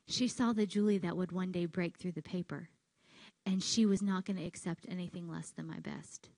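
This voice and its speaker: A woman in her thirties tells her story at a women's conference, and she acts out the lines of the people in it. Her voice sits at a middle pitch and sounds close and dry on the mic. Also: no echo. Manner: animated storytelling, acts out quotes. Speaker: keynote speaker. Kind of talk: motivational speech. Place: conference hall stage.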